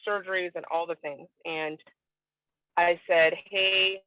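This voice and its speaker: A woman's voice: fairly low pitch, little pitch movement, measured pace, no echo. A woman giving an earnest, emotional personal testimony on a video call, candid and at times tearing up. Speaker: guest sharing a testimonial. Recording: tinny, dry phone-line audio.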